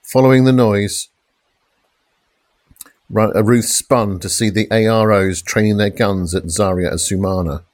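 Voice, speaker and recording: A man reads a police thriller in steady, dramatic narration. His voice sits on the low side and sounds dry and close, with no room around it. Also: no echo. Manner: measured, dramatic crime reading with shouted police lines. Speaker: audiobook narrator. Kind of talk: scripted narration.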